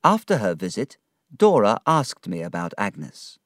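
A man narrating a storybook in a slow, expressive read. His voice rises and falls a great deal. The recording is close and dry. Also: on the low side, no echo.

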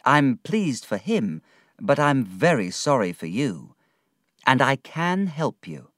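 A man voicing a gentle, worried young woman in a read-aloud story, in a soft, raised voice. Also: medium pitch, sing-song, slow pace, no echo, studio quality, pitched above the performer's own voice. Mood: concerned.

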